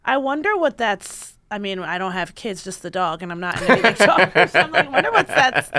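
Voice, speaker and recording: A woman's voice: medium pitch, normal speed. A woman from Baltimore hosting a podcast, chatting casually, telling stories with frequent laughter. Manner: laughs often, animated storytelling. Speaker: podcast host. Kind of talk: casual chat.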